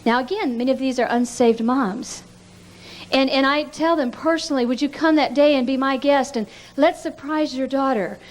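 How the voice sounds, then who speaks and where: A woman's voice: high-pitched, moderate pace. A woman giving a teaching talk at a pastors' conference, telling stories earnestly and often stammering on repeated words.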